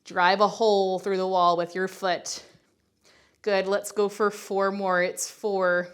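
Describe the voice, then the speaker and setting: A woman's voice: medium pitch, steady tone, slow, clear, resonant tone. A woman leading a Pilates workout, coaching in an upbeat, chatty way and counting reps while exercising along, a little winded. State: working out along, slightly winded. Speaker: Pilates instructor. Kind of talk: guided workout instruction.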